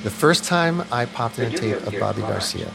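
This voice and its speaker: Man, mid-pitched voice, candid interview guest, frank storytelling, acted-out quotes, music behind. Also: expressive, normal speed, creaky.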